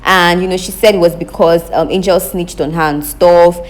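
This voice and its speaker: A young woman giving an opinionated recap of a reality show, emphatic and animated, talking straight to her viewers. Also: lowish voice, moderate pace. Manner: animated, emphatic, addresses viewers as guys, repeats questions for effect. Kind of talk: casual opinionated commentary.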